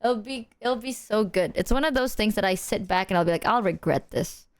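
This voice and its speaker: A woman's voice: mid-range voice, brisk, clear, resonant tone. A woman streamer chatting casually with her viewers, playful and swearing freely, breaking into silly sung bits.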